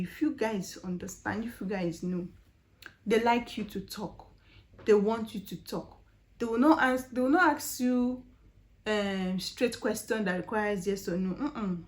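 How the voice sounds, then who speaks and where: A woman's voice: medium pitch, normal speed, a little mellow. A young woman with a Nigerian accent, chatting animatedly in a casual storytelling vlog, full of fillers and rhetorical questions. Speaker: vlogger.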